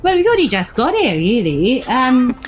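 A woman's voice: fairly high pitch, very animated, moderate pace, rough recording. A woman playing her character in a tabletop game, talking politely and hesitantly with frequent restarts. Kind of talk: in-character tabletop role-play.

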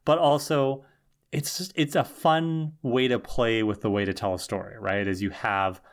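A man's voice: mid-range voice, steady tone, moderate pace. A man with a mid-range voice co-hosts a podcast. He talks through a TV episode casually and enthusiastically, thinking aloud as he goes. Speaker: podcast co-host. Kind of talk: casual discussion chat.

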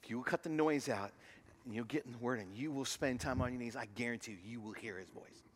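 A man preaching a sermon as pastor, moving from loud emphatic lines to hushed near-whispers and acting out voices in his stories. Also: medium pitch, quick pace, slight background noise. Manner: acts out quoted voices while telling a story.

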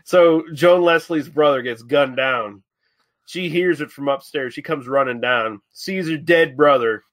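A man co-hosting a casual film podcast, retelling scenes in a swearing, animated way. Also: on the high side, a little slow. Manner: profane, animated storytelling. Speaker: podcast co-host. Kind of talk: casual film-review chat.

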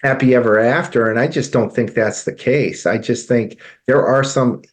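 Male interview host, casual chat, plain-spoken, halting restarts, mid-range pitch.

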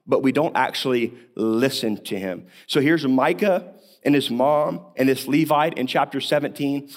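This is a pastor's sermon, delivered in a medium-pitched male voice. He walks through a Bible passage in a chatty way, asking rhetorical questions and coughing from time to time.

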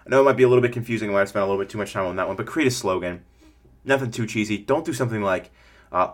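A fairly low-voiced man runs a relaxed coaching podcast for small-business owners and speaks very fast. Rambling and full of energy, he often puts on the voices of imagined customers to get his points across.

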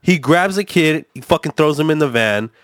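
A man's voice: a little high, animated, normal speed, no echo, studio quality. A man rambling through a casual podcast chat, swearing often and restarting his sentences with lots of fillers. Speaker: co-host reacting to a video.

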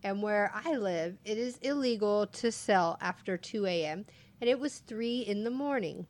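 A woman's voice: medium pitch, normal speed, a little mellow. A woman casually telling funny work stories, laughing often as she goes. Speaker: podcast co-host telling stories. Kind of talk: casual storytelling chat.

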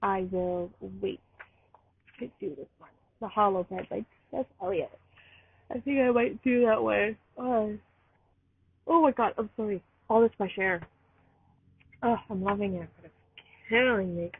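Gravelly woman chatting on a tinny line. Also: medium pitch, a little slow, long pauses. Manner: chatty, rambling, a little excited. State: tired, with allergies. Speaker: podcast host reading poetry. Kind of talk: casual live-stream chat. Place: outdoors, train in the distance. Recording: tinny phone-like sound, faint outdoor noise.

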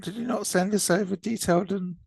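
A man's voice: high voice, fairly even intonation, brisk, creaky, darkish tone, no room sound. A man from England co-hosting a casual gaming podcast, jokey and prone to swearing, talking over a call. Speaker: podcast co-host. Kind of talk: casual banter. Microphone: remote call mic.

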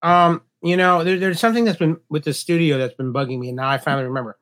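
A man with a slightly high voice who cracks dry, wry jokes. He is recorded close and dry, as on a call. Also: fast talker, few pauses, a bit bright, no echo. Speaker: podcast guest. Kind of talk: casual podcast discussion.

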